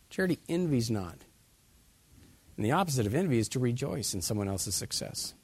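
A man's voice: mid-range voice, sing-song, normal speed, slightly rough, dry recording. A man preaching a sermon as pastor, putting many direct questions to his listeners.

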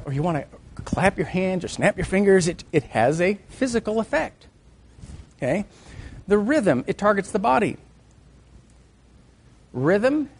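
A middle-aged man leads a church music lesson in a fairly high voice. He talks with lively energy, joking with his listeners and breaking into sung and hummed examples to make his point. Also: husky. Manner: animated, sings and hums examples, jokes with the class. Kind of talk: teaching a class on music and faith.

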